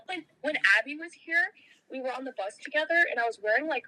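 A woman's voice: high-pitched, fast, pushed and bright, poor audio. A young woman guest on a podcast, telling stories in casual chat, laughing often and swearing freely.

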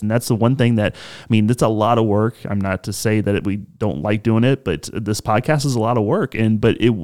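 A man's voice: fairly low pitch, darkish tone. A man co-hosting a podcast in casual conversation, reflective and sincere. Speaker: podcast co-host.

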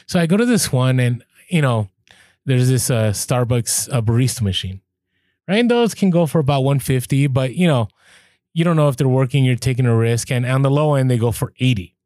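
A man's voice: medium pitch, brisk, no echo, studio quality. A man co-hosting a podcast, chatting casually and telling stories, acting out the exchanges he quotes. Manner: animated storyteller, acts out quoted exchanges. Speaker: podcast co-host. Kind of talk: casual chat.

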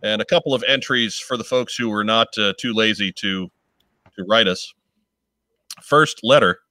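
A man's voice: on the low side, moderate pace, pushed and bright, no room sound. A man co-hosting a casual podcast, upbeat, reading listener letters aloud. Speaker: podcast co-host.

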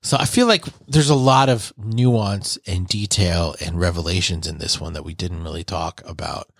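A man's voice: low-pitched, moderate pace, creaky, dry recording, clean studio sound. A man co-hosting a casual podcast, retelling scenes and swearing freely as he reviews an episode. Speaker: podcast co-host.

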